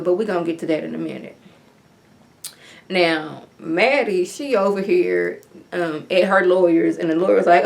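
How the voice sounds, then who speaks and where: A chatty woman recaps a TV episode and tells it like gossip to a friend. She speaks at a middle pitch, and she keeps her delivery animated with a steady stream of "like.". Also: moderate pace. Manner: chatty, animated retelling with lots of "like". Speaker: TV episode reviewer. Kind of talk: casual recap vlog.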